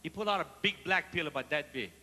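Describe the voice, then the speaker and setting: Performing live on a big theater stage, this Cajun-accented comedian from Louisiana speaks a little high and at a quick pace. He animatedly spins comic stories, slipping in French phrases and questioning the audience. Hall reverb and faint crowd ambience fill the recording.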